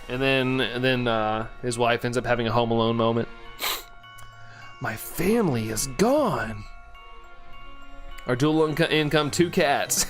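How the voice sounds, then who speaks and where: A man in his thirties chatting casually while live-streaming a game, rambling and joking with viewers over faint game music. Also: mid-range voice. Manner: chatty and rambling, playful jokes and laughter.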